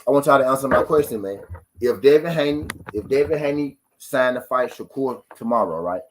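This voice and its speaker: A man's voice: mid-range voice, expressive, a little fast, a little hiss or hum. A man hosting a boxing talk stream, ranting casually to his viewers with profanity, rhetorical questions and lines repeated for emphasis.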